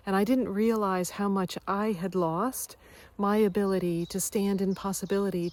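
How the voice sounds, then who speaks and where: Woman, wellness coach, personal story, reflective, medium pitch. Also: no echo. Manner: reflective, lively when acting out moments. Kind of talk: personal story told to camera.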